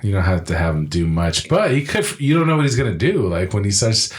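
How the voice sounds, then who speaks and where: Young man, very deep voice, swings up and down, casual swearing podcast banter. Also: big pitch swings, brisk. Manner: interjecting, swearing, laughs loudly. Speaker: podcast co-host. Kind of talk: casual chat.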